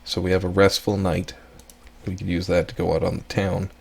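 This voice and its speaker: Low gravelly-voiced man playing a game. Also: brisk, slight background noise. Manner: relaxed, thinks aloud with ums and asides. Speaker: let's play host. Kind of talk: casual game commentary and reading aloud.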